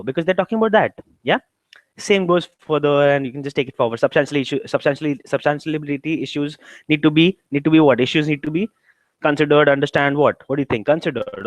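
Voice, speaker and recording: A man's voice: a little high, no echo, rough recording. A man with an Indian English accent, lecturing on exam preparation and walking through questions step by step with frequent rhetorical questions. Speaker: exam prep tutor. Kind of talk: classroom lecture.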